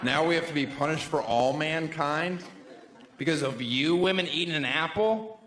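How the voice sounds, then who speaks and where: A man's voice: fairly high pitch, normal speed, slight background noise. A man doing stand-up comedy live on stage into a handheld mic, with a sarcastic, punchy and playful delivery. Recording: roomy live room with loud audience.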